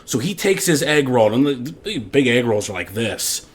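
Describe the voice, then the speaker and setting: A man's voice: medium pitch, sing-song, normal speed, slightly rough. Profane rambling man telling a story. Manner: rambling, profane, laughs through stories. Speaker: podcast guest. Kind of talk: casual storytelling.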